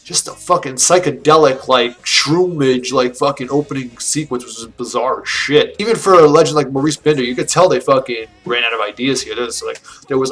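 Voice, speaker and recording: A man's voice: mid-range voice, brisk, few pauses, a bit bright. A man giving a casual, rambling movie review, swearing often, laughing at his own jokes and restarting his sentences. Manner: rambling, profane, laughing, with many restarts and fillers. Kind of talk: casual film review rant.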